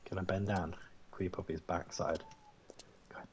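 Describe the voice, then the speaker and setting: A man's voice: low-pitched, flat delivery, moderate pace. A man around forty giving chatty, joking gameplay commentary while thinking aloud. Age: 40s. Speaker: gaming YouTuber.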